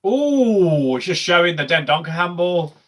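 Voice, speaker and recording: A young man streaming a live football watch-along, chatting casually with viewers and erupting into shouts when his team attacks. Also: high voice, very animated, measured pace. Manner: chatty, swings to loud shouting at goals.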